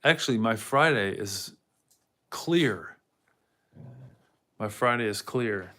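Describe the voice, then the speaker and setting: A man's voice: lowish voice, expressive, slow pace, pushed and bright. A man hosting a casual livestream in a rambling way, reading out chat comments and talking to his dog now and then. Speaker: livestream host.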